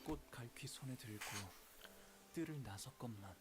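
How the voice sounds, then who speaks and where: A man performs a wistful game character reciting a sorrowful poem, soft and measured yet quick. Music plays clearly underneath the voice. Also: medium pitch, natural voice. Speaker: Korean game voice actor.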